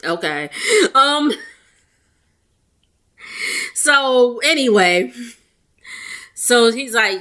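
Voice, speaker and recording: A woman's voice: a little high, animated, sharp tone. A woman chatting casually as she recaps a reality show, quoting the cast and laughing often. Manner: chatty, laughs often, quotes people in quick voices. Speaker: recap vlogger.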